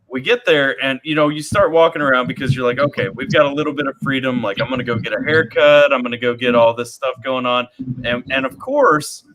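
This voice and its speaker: Bright-voiced man telling rambling army stories. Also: mid-range voice, rough recording. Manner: rambling, repeats words while telling a story. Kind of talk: casual storytelling chat.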